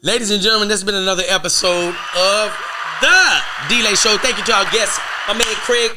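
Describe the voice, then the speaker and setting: A man hosting a podcast, signing off the episode in a loud, hyped announcing voice. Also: high-pitched, a little fast, background noise. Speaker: podcast host. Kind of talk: show sign-off.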